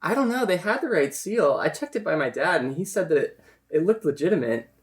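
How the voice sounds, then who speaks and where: A woman's voice: lowish voice, lively intonation, a little fast. A woman player speaking in character in a tabletop game, earnest and hesitant.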